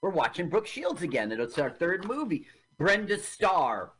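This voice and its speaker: A man's voice: high-pitched, big pitch swings, fairly bright tone, slight background noise. A man co-hosting a casual radio podcast, offhand, spelling out search terms step by step. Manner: offhand, spells things out slowly. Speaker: podcast co-host and curator. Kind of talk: casual chat.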